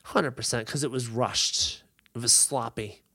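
A man co-hosting a podcast in casual chat, emphatic and animated, laughing often. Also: medium pitch, a little slow, husky, no room sound. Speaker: podcast co-host.

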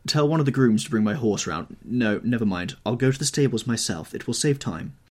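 A man's voice: medium pitch, animated, fairly quick, voice pushed up, lightly acted. A man voicing an anxious, haughty young aristocrat in an audiobook reading, rising to urgent alarm.

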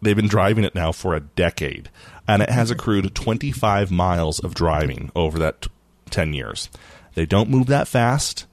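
A low-pitched man talks tech news with a lively, swooping delivery, cracking jokes and laughing as he goes. The sound is dry and close, with no room around him. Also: normal speed, dry recording. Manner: animated, jokey, laughs often. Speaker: podcast co-host. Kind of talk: casual tech news chat.

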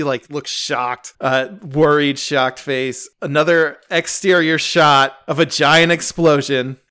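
Man, podcast co-host, smooth clear voice, middle pitch, animated recap chatter. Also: measured pace, few pauses. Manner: animated scene-by-scene retelling with quoted lines. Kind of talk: casual recap chat. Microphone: close home podcast mic.

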